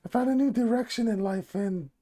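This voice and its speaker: A game master voicing a shy goblin woman, a former scholar turned worshipper, who speaks slowly and haltingly. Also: medium pitch, mellow, natural voice. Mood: hesitant. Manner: slow, halting, full of ums.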